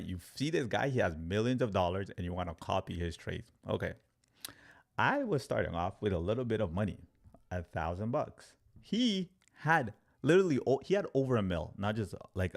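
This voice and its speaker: Low, gravelly man chatting on a livestream. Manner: animated storyteller, acts out quotes, filler-heavy "like". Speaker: crypto trading educator. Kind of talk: livestream talk to viewers.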